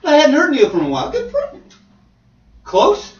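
Brief: male preacher, lively swinging delivery, dull sound from afar. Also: very high-pitched, very fast. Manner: animated, swings from loud to near-whisper, conversational asides. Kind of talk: sermon. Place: church hall. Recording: dull, roomy, distant church hall.

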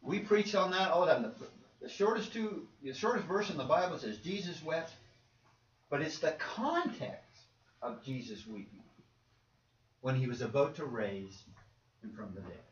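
A man's voice: on the high side, lively intonation, normal speed. A man preaching a sermon with emphatic delivery, repeating words and acting out the quotes he cites. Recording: roomy, distant, dull with faint noise.

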